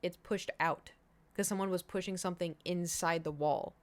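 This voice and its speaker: A woman's voice: on the low side, fairly even intonation, normal speed. A young woman streamer rambling through a casual story, full of "like" and "you know". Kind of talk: casual chat.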